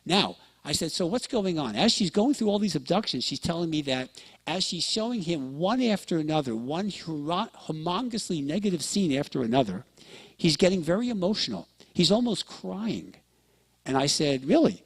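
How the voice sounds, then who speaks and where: Man, lecturer, higher-pitched voice, storytelling talk, addresses the crowd directly. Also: very animated, moderate pace, breathy edge. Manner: storytelling, acts out quoted dialogue; addresses listeners with frequent check-ins. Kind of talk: lecture to an audience.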